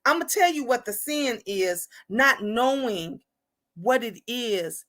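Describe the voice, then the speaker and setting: Blunt, high bright-voiced woman chatting. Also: slow. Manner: blunt, animated, repeats "okay?". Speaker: livestream host. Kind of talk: casual livestream chat with viewers.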